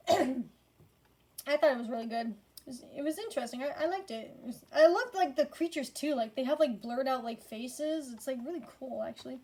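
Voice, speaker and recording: Worn out woman rambling about movies late at night, swears a ton, kinda high voice. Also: moderate pace, mellow. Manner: rambling, swears constantly, many fillers. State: tired. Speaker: movie reviewer. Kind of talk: casual movie ranking vlog.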